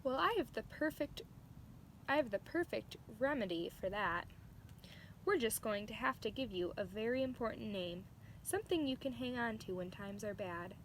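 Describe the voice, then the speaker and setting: A woman's voice: a little high, lively intonation, normal speed, a little hiss or hum, lightly acted, low-quality recording. A woman doing Bounder, a hearty big tomcat. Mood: kindly. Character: big jolly tomcat father, kindly and hearty.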